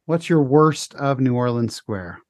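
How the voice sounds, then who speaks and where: A man's voice: mid-range voice, lively intonation, a little slow, no room sound, studio quality. A man hosting a podcast discussion, upbeat, calling on each panelist in turn. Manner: upbeat, steers the discussion, calls on guests. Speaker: podcast host. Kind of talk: casual chat.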